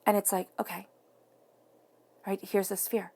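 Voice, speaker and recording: A woman talks viewers through a tarot spread in an earnest, encouraging way, often repeating a phrase to press her point. Her voice has a gravelly, fry-edged texture at a middling pitch. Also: little pitch movement, measured pace, mellow. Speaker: tarot reader.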